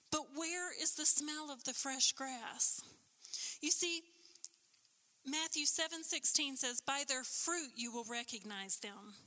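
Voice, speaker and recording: A woman preaching a sermon with passion, building to emphatic peaks and then dropping low. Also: sharp tone. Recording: long hall reverb.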